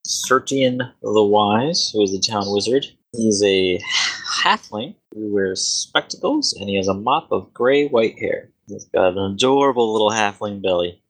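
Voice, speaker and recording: A man's voice: fairly low pitch, lively intonation, measured pace, breathy edge. Laid-back male game master. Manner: laid-back, uses man a lot. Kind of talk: narrating a tabletop game.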